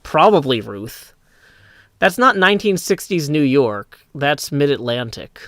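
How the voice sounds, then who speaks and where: A man chatting casually on a live stream, reading chat aloud and rambling through answers on a desk mic that clips when loud. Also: fairly high pitch, lively intonation, unhurried, no room sound, clean studio sound.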